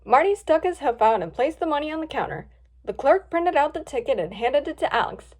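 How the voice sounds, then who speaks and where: A woman reading a storybook aloud in a lively, expressive way. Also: high voice, fairly quick. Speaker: story reader.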